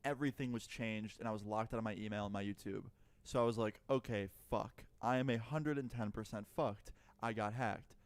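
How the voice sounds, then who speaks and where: A man's voice: fairly low pitch, a little fast, no room sound. A man telling a personal story in a chatty, profane way, acting out both sides of the dialogue. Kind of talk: casual storytime narration.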